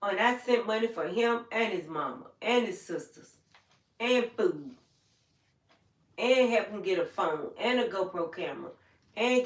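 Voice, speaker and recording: Her fairly high voice carries from well away from the mic across an echoey room as the older woman hosts her livestream. She speaks from the heart, plainly and repetitively, about her personal story.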